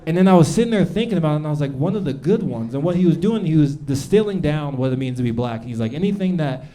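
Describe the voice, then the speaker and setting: A man's voice: fairly high pitch, lively intonation, fast, warm tone. A man in his thirties performing a live stand-up set. He talks in a loose, conversational way and acts out the people he quotes. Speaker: stand-up comedian. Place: comedy club stage with a live audience. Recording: noisy live club recording. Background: audience laughter and room noise.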